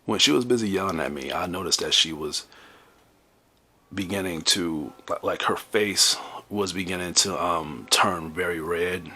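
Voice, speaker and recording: A man's voice: low-pitched, a little slow, sharp tone, slightly rough. A man hosting a podcast, telling a personal story in a rambling, conversational way full of restarts. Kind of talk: casual storytelling monologue.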